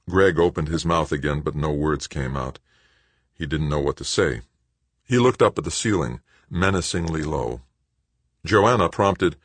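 Measured dramatic male narrator, very low husky voice, dry close studio read. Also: no room sound. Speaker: audiobook narrator. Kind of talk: scripted narration.

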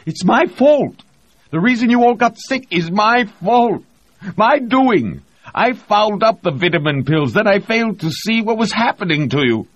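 A man's voice: fairly high pitch, huge pitch swings, moderate pace, hardly any pauses, darkish tone, slightly rough, no echo, voice pushed up, full character voice. A man voicing a guilt-stricken male doctor who pleads in a raised, anguished voice, on a dull lo-fi recording.

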